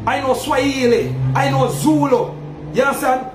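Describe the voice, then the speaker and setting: A man's voice: very high-pitched, animated, normal speed. A man with a Jamaican accent, preaching emphatically to his audience as a self-styled Maroon chief and asking again and again whether they understand. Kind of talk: preaching monologue. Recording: roomy echo with faint ambient noise.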